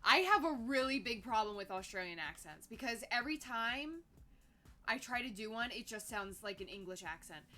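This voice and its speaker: A woman co-hosting a casual chat show, bantering quickly and pushing back with quick retorts. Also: on the high side, expressive, sharp tone. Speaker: podcast co-host.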